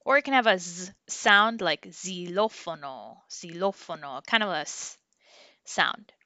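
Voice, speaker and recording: A woman teaching a Spanish phonics lesson online, slowly sounding out syllables for learners to repeat. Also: mid-range voice, expressive, pushed and bright, no echo. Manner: slow, clear drilling of syllables for learners to repeat.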